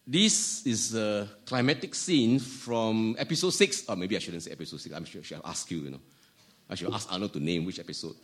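A man with a Malaysian English accent preaching a sermon, often repeating words as he restarts and letting key phrases fall to a quiet hush. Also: on the low side, fairly quick.

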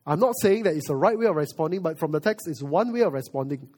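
A male pastor preaching a sermon, moving from quiet reflection to loud emphasis. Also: on the high side, lively intonation, quick pace.

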